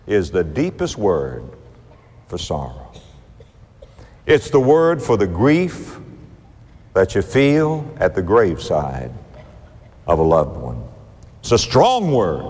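Dramatic preacher man in a reverberant hall. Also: medium pitch. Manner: dramatic preaching with wide swings and slow emphatic quotes. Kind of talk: sermon.

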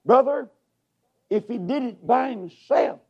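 A preacher with a high, lively voice delivers a revival sermon. He climbs to shouted peaks and drops to near whispers in a sing-song cadence, taking his time. The recording sounds dull and lo-fi. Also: unhurried, gravelly, breathy edge. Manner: shouting, sing-song swoops between loud highs and hushed drops.

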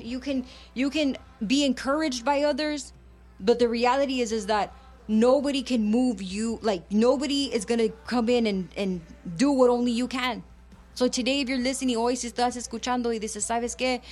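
Fervent woman preacher, high voice. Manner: fervent, switches between English and Spanish. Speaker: radio preacher. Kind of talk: bilingual sermon.

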